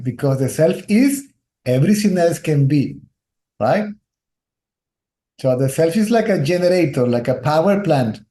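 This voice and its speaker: Man, Indian-tinged English accent, spiritual teacher, patient explaining, warm low brightness, roomy echo. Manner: explains patiently, keeps checking with "right?". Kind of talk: nondual teaching talk.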